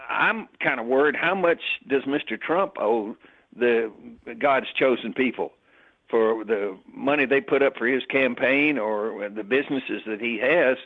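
A man talking in casual chat, emphatic and full of rhetorical questions. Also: mid-range voice. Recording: tinny phone-like line.

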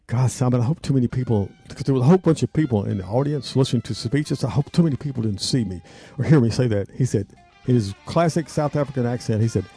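A man, hosting a radio show and telling a rambling story in an excitable, emotional way, laughing often. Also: medium pitch, fast talker, husky, faint music behind.

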